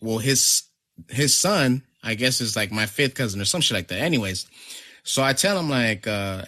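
Animated, profane storytelling man. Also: on the low side, normal speed. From family from Nicaragua. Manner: animated, profane, acts out quotes. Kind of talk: casual storytelling chat.

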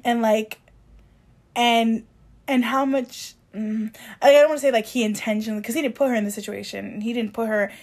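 A woman's voice: a little high, steady tone, normal speed, a little mellow. A woman co-hosting a casual podcast chat, speaking in a hesitant, thoughtful way with many fillers and restarts. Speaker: podcast co-host.

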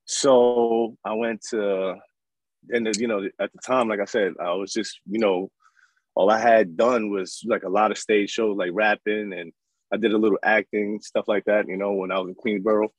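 A man in his thirties from New York, telling his life story as an interview guest in an animated, casual way. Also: fairly low pitch, normal speed, no echo, low-quality recording. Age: 30s. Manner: animated, acts out voices in his stories.

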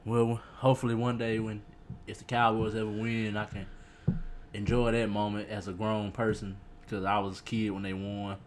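A man's voice: fairly low pitch, little pitch movement, normal speed, slight background noise. A young man co-hosting a casual sports chat in a laid-back, laughing way. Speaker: podcast co-host.

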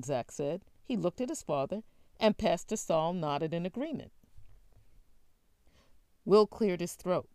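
A woman narrating an audiobook in an even, clear storytelling manner. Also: low voice, slow pace, no room sound.

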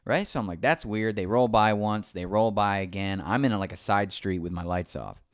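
A man's voice: on the low side, moderate pace, clear, resonant tone, no echo, clean studio sound. A man casually telling a long anecdote, acting out the other people's lines as he goes. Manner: animated, acts out quoted dialogue.

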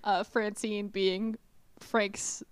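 A woman's voice: mid-range voice, little pitch movement, very slow, smooth, no echo. Chatty New woman, dry sound. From New England. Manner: chatty, laughing, frank. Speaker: podcast co-host. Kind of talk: casual chat.

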